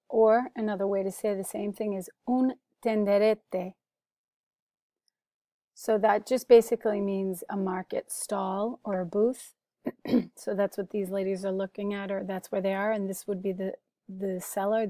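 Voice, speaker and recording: Teacher, American woman, unhurried and methodical, repeats each word, close dry recording. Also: mid-range voice, fairly even intonation, mellow, no echo. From United States. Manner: slow, careful, repeats words for pronunciation. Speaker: Spanish teacher. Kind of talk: recorded vocabulary lesson.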